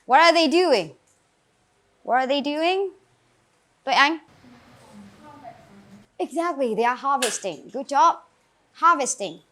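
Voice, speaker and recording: A woman with a Vietnamese accent leads an English class, her voice high and bright in pitch. She calls on students by name, drills new words and encourages them clearly. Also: lively intonation, slow, pauses often. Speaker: English teacher. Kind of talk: classroom grammar lesson.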